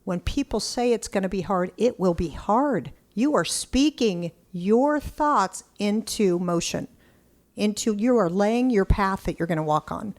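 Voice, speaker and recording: Excitable middle-aged woman telling a story. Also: mid-range voice, unhurried. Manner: excitable, animated storyteller who acts out quotes; blunt, occasional cursing. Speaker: podcast guest. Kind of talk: casual interview storytelling.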